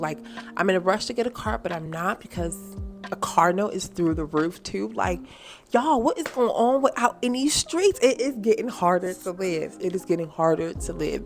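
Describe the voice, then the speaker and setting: A woman telling an animated, faith-filled story to her viewers in casual chat. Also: fairly low pitch. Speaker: vlogger. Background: music.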